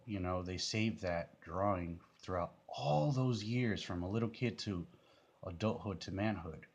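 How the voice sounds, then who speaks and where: Man, low voice, casual rambling commentary, lots of fillers. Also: a little slow, slightly rough. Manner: rambling, many fillers and restarts. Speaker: video commentator. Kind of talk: casual commentary over a music video.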